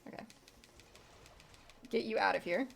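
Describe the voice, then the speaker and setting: Her voice is medium in pitch, slightly slow, with vocal fry. She's a young woman chatting loosely while streaming a game, wandering from thought to thought with lots of fillers and casual cursing.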